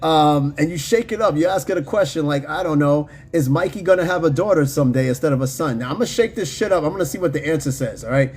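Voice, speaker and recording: A man's voice: on the high side, animated, fast talker, few pauses, a little mellow, slightly rough. A man hosting a podcast in casual, slangy, profane chat, reading comments from his live chat. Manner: loose, slangy and profane, with frequent fillers and laughs. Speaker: podcast host.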